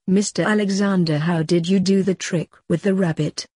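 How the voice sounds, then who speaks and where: A woman's voice: lowish voice, fairly even intonation, normal speed, mellow, breathy edge, dry recording, clean studio sound. A woman reading the lines of a pushy male magician and fraud debunker who mutters and keeps pressing for answers. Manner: insistent, probing, mutters.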